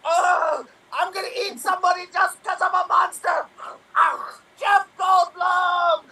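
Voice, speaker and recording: Frantic fly-man scientist, shrill high voice, melodramatic wailing, improv remake, distant mic. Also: steady tone, measured pace, bright, forceful tone, heavily acted. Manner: melodramatic, wailing, switching parts.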